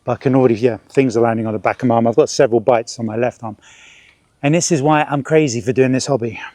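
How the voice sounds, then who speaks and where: A middle-aged man talks to camera while birdwatching in a city park, chatty and stop-start. His voice sits mid-range in pitch. The sound is dry and close. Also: steady tone, quick pace, mellow, no echo. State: sweating, swatting ants and bugs. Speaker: birdwatching vlogger. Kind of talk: casual outdoor vlog narration.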